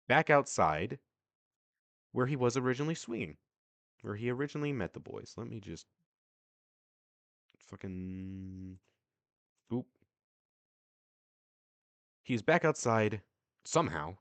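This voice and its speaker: A man narrates as game master in a tabletop game. His delivery is loose and casual, with jokes at his own expense. His pitch moves lively and the sound is close and dry. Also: a little slow, gravelly, pauses often, dry recording. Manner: loose, casual, self-deprecating.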